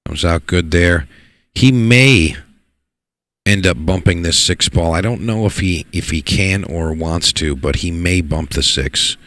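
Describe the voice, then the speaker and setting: A man giving live play-by-play commentary on a pool match, excitable and repeating words for emphasis. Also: deep voice, normal speed, hardly any pauses, no echo. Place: pool hall.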